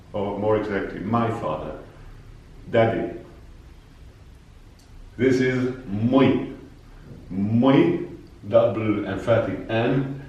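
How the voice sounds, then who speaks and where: A man explains words slowly and patiently, saying each one over for his learners. His voice sits a little low and he never rushes. The recording is boomy and echoing, with the mic some distance away. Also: muffled recording. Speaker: language teacher. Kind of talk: slow explanatory lesson. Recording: very echoey room, voice from far off.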